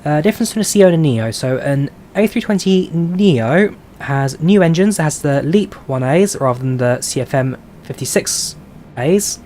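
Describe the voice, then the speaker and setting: Chatting casually on a live stream while flying a simulator, a male flight sim streamer from London, England reads out viewer questions and answers them with plenty of "uh"s. His fairly high, slightly mellow voice has lively intonation, a moderate pace, and a London accent, with slight background noise.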